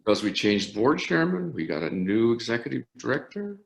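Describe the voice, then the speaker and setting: An older orchestra conductor tells anecdotes in a storytelling interview, his intonation rising and falling animatedly as he often restarts phrases. His medium-pitched, creaky voice moves fairly quickly and carries a roomy echo.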